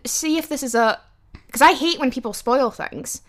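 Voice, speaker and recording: A woman, co-hosting a casual podcast chat, playful and sassy with quick jokes. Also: high voice. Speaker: podcast co-host.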